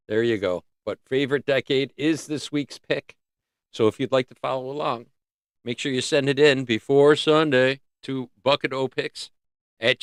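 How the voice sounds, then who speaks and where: A man hosting a casual livestream, rambling and joking as he thinks out loud. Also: mid-range voice, no room sound, studio quality. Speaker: livestream host.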